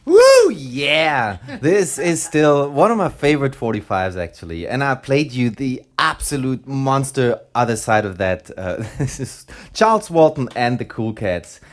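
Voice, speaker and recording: A man's voice: mid-range voice, lively intonation, normal speed, few pauses. A man hosting a radio show, chatting casually and enthusiastically about old records with many fillers.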